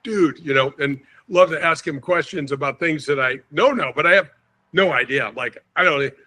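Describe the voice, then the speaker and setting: Man in his 60s spinning a story, bright forceful voice, kinda high, chuckles a lot. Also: moderate pace. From St. Louis, USA. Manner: lively storyteller, acts out quotes, chuckles often. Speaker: podcast guest. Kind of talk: animated anecdote telling.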